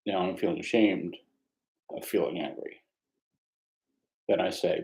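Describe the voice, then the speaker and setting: A man teaching meditation, speaking in a reflective, conversational way with a gently self-mocking humor. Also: deep voice, fairly even intonation, normal speed, creaky, long pauses, rough recording. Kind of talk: mindfulness dharma talk.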